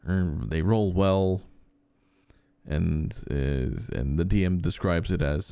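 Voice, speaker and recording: Man, very low voice, dry close sound, casual podcast chat, rambling with lots of fillers. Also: slow pace, vocal fry, dark tone, clean tone, no echo. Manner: rambling anecdotes with frequent fillers and restarts. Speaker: podcast co-host.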